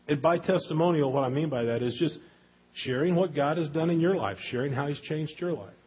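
A middle-aged man gives a relaxed, chatty sermon with a husky voice. He acts out the people in his stories as he goes. The sound is dull and lo-fi. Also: medium pitch. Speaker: pastor.

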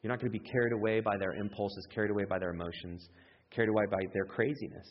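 A man preaches a sermon with a low, husky voice, acting out eager quotes with sudden high leaps in pitch. The sound is dull and lo-fi, with a long echo from a large hall. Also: fast. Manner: animated, acts out excited quotes with big pitch jumps. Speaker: pastor.

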